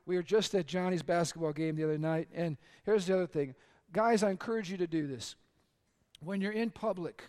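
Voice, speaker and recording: A middle-aged man, a pastor, preaching a sermon with earnest personal stories, dropping quiet for confessions and lifting for the punchlines. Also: fairly high pitch.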